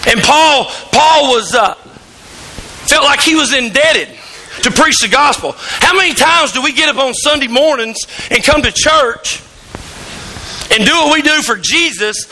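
A middle-aged man, preaching a sermon in a church, telling folksy stories and rising to shouts. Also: extremely high pitch, animated, measured pace. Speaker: pastor. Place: church sanctuary.

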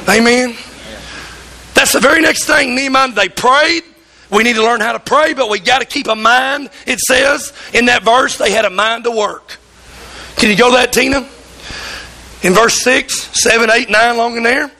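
A man's voice: very high voice, normal speed, pauses often, bright, forceful tone, poor audio. A pastor preaching a fervent sermon in church, acting out voices in the stories he tells.

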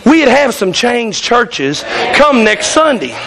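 A man's voice: very high voice, sing-song, takes it slowly, a crowd in the background. A male pastor preaching a fiery sermon in church, hollering and calling out to the congregation. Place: church sanctuary.

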